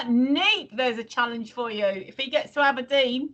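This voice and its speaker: A woman's voice: fairly high pitch, slow pace, fairly bright tone, highs cut off. A woman in her fifties or sixties co-hosting a casual livestream, teasing and laughing as she chats. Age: 50s or 60s. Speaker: stream co-host.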